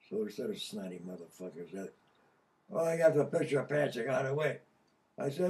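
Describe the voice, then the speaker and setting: An older man from Connecticut telling a story casually, profane and animated, laughing mid-sentence. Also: medium pitch, fairly quick, distant mic. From Connecticut, USA. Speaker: podcast guest.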